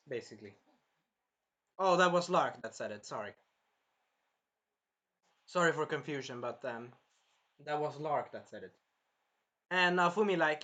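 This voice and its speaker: A man's voice: on the high side, expressive, moderate pace, pauses often, pushed and bright. A man reviewing an anime episode in a casual, rambling recap full of fillers, sounding a bit tired. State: tired, clearing his throat.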